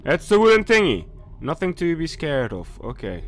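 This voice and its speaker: A man's voice: fairly high pitch, huge pitch swings, normal speed. A man commentating a horror game playthrough, jumpy and nervous, talking himself through scares and speaking directly to viewers and game characters. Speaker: gaming YouTuber.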